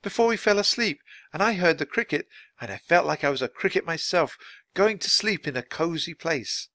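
A bright, cheerful young girl, put on by a man reading aloud, her voice pitched high and bouncing with lots of rise and fall. She sounds eager and quick to speak up, recorded close and dry with no room around her. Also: dry recording. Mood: earnest. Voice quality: high, lively.

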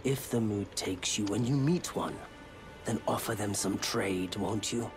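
An actor with a light Middle Eastern accent playing a soft, courteous wandering merchant in a game. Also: male voice, fairly low pitch, a little slow, soft background music, close to an everyday voice. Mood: gentle. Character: mild-mannered male wandering merchant.

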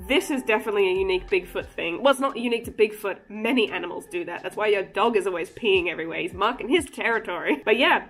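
A woman's voice: on the high side, fairly bright tone. A woman hosting a casual cryptid vlog, chatty and joking, breaking into giggly asides. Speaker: cryptid channel host.

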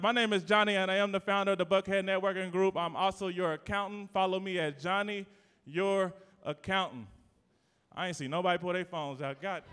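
A man hosting a live event, working the crowd in a loud, teasing, playful way with sudden shouts. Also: high voice, clean tone. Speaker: event host and emcee. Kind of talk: live hype emcee to a crowd. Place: live event venue indoors. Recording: long reverb of a big event hall.

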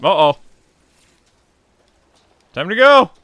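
A man's voice: a little high, very animated, a little slow, no echo. A gaming streamer putting on an exaggerated Russian accent for a goofy male tough guy, talking in broken grammar. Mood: yelling playful. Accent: Russian, put on and exaggerated. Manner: broken grammar, loud playful yelling.

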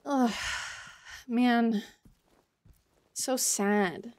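Slow-talking emotional woman streamer. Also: on the high side, animated. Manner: emotional, rambling, with many "like"s. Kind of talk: live game commentary.

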